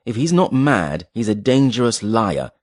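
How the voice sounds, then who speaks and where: A man's voice: lowish voice, very animated, unhurried, dry recording, studio quality. A man reading an audiobook voices a hard, dangerous older man questioning a prisoner in clipped phrases. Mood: menacing. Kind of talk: audiobook character voice.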